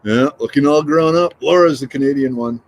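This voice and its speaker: A man's voice: medium pitch, fairly quick. A middle-aged man chatting casually on a morning livestream, reading out comments and joking. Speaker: livestream host.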